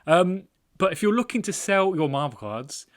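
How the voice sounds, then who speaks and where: A man's voice: high voice, animated, normal speed. A man hosting his own channel, answering viewer comments in a casual, self-deprecating chat and laughing often. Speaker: trading card collector channel host.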